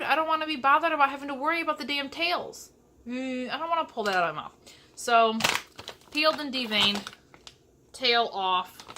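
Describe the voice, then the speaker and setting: A young woman talks her way through a home cooking vlog, chatty and sassy. Her voice is bright and sits a little high. She comes from Michigan, and a faint hiss of noise runs under the kitchen recording. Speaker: vlogger.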